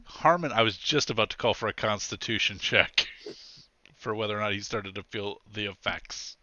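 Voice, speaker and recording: A man narrating a tabletop game as game master, lively and joking, often laughing. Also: lowish voice, normal speed, no echo, highs cut off.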